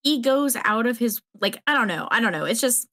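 A woman guest on a podcast, chatting casually about an anime with blunt, joking remarks and drawn-out character quotes. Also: a little high, expressive, sharp tone. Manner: blunt and joking, drawls when quoting characters.

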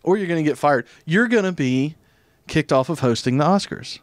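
A man's voice: a little high, animated, moderate pace, no room sound. A man co-hosting a podcast, bantering and teasing his co-host in a wry, casual way.

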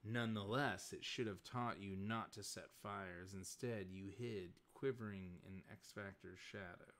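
Brief: taunting comic villain with a low, scornful voice, read by a man. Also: steady tone, measured pace, fairly bright tone. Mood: sneering. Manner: taunting, contemptuous. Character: sneering adult villain, taunting.

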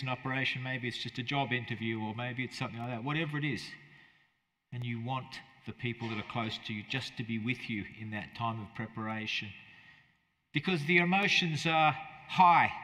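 Male pastor preaching, bright voice, long hall echo, chatty w/ rhetorical questions. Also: medium pitch. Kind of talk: sermon.

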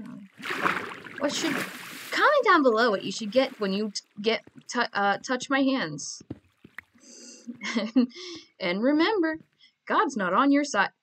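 A woman's voice: fairly high pitch, a bit bright. A woman giving casual, playful commentary while playing a game, joking and giggling to herself. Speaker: Minecraft player.

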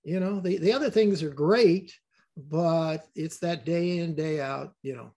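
A man's voice: on the high side, a little slow, warm tone. An older man talking as a guest in a casual interview, rambling and repeating words as he tells stories.

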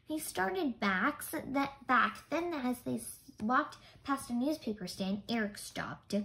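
Lady reading a kids' chapter book out loud, bouncy lively voice. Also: high voice, slow pace, creaky, few pauses, low-quality recording. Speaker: storybook reader. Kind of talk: reading a children's book aloud.

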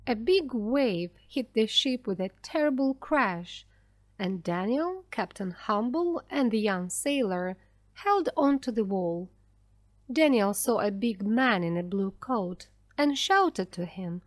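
A woman narrating an easy-English storybook in a slow, careful, clearly spoken way. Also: fairly high pitch, animated, no room sound, clean studio sound. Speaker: audiobook narrator. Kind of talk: scripted narration of an easy graded reader.

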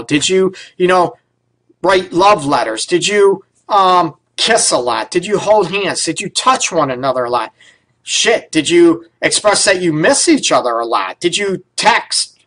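A man's voice: high voice, fairly bright tone, rough recording. A man hosting a relationship advice radio show as a counselor, talking casually and bluntly, dropping frequent "right?" and "you know" and the odd swear word.

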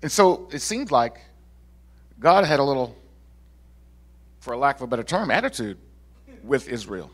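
A male pastor preaching a lively sermon to a congregation, with casual asides and laughs. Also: medium pitch, normal speed, long pauses. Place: church sanctuary.

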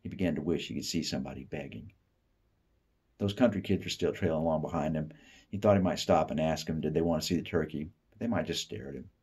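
A man from the Appalachian South giving a steady, unhurried literary reading of a short story. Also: rumbling low, breathy edge. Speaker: author reading fiction.

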